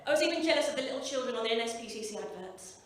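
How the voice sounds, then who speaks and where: A woman's voice: fairly high pitch, lively intonation, racing, a little hiss or hum. A woman in her forties from the English Midlands, doing a sweary, punchy stand-up comedy set in a club. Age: 40s. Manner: brash, sweary, punchy delivery. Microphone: stage microphone. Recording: echoey club room, picked up from a distance. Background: audience laughter.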